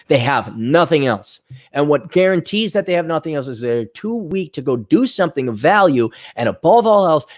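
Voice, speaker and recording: A man hosting a podcast, delivering a profane, sarcastic solo rant with scornful asides. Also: mid-range voice. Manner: animated, mocking voices in quotes. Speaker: podcast host. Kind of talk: ranting solo commentary.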